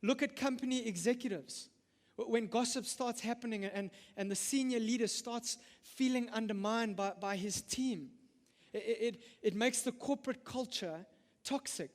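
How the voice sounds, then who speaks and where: A man's voice: very high voice, moderate pace. A middle-aged man preaching a sermon, emphatic, with frequent stammered restarts. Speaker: pastor. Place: church hall. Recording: long reverb of a church hall.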